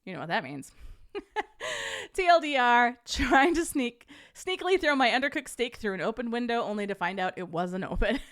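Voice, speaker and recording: Young woman host, slightly high voice, laughs a lot, casual live-chat storyteller. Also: moderate pace. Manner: laughs often, animated storytelling. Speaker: podcast host reading stories.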